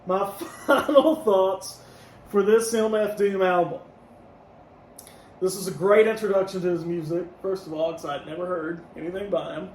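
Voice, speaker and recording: High-voiced man in an echoey room. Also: normal speed, recorded from a distance. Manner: relaxed, gives scores out of ten, laughs easily. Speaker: podcast co-host reviewing albums. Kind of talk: casual review chat. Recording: echoey room, mic set back, faint noise.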